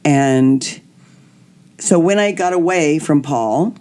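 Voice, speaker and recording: A middle-aged woman hosting a podcast, telling candid personal stories in an animated way and acting out the voices of people she quotes. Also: low voice, takes it slowly. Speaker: podcast host. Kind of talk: candid storytelling chat.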